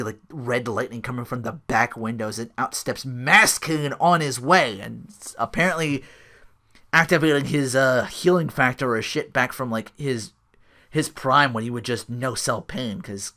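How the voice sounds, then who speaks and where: A man's voice: medium pitch, moderate pace, bright, forceful tone. A man hosting a podcast, casually recapping a show in a rambling way, full of restarts and asides. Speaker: podcast host.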